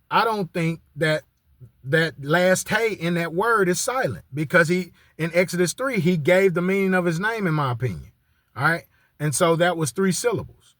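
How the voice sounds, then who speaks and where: A man with a drawl talks through a religious lesson in a loose, conversational way. His voice sits a little high for a man and comes across dry and close. He circles back on his words and keeps checking in with his listeners as he goes. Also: a bit bright, dry recording. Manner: repeats "all right" as a check-in, many restarts. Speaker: religious teacher. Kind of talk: casual teaching monologue.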